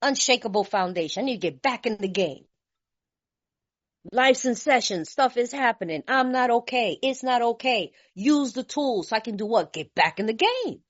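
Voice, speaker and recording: A woman from California sharing her story at a recovery meeting, blunt, animated and laughing, with streetwise talk. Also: fairly high pitch, moderate pace. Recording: dull lo-fi recording.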